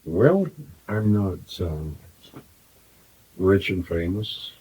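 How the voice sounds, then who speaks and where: A hesitant man with a very low, dark voice, answering in short, self-doubting replies. He sounds unsure of himself as he talks about his own life. A light hiss runs under the recording. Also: very animated, very slow, rough recording. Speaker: questioner in the session.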